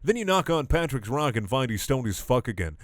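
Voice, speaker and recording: A man's voice: mid-range voice, big pitch swings, brisk, no echo, studio quality. A young man doing a comedic dramatic reading of fan fiction, breaking off into exasperated, sarcastic, sweary rants. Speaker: online comedy reader.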